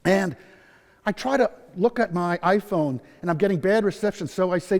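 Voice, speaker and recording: Upbeat guy in his 60s telling his story at a conference, kinda high voice, big hall echo. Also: normal speed. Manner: upbeat, humorous storyteller, acts out quotes. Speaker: patient speaker at a nursing conference. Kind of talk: personal story talk to a live audience. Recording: long hall reverb.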